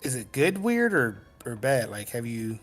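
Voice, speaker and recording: A man playing a tabletop game, talking casually and hesitantly with many pauses and restarts. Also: mid-range voice, sing-song, fairly bright tone, faint music behind. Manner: hesitant, lots of ums and restarts. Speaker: player.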